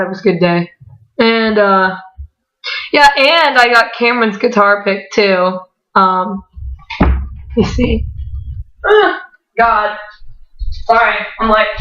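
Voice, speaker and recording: A young woman chatting straight to her camera, excitable and peppering her story with "like" and the odd swear word. Her voice sits in the middle of the range. The sound is dull and lo-fi, with a roomy echo around it. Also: mid-range voice. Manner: excitable, swearing, laughing often, lots of "like". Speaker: vlogger. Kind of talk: casual vlog storytelling. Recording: echoey room, dull lo-fi sound.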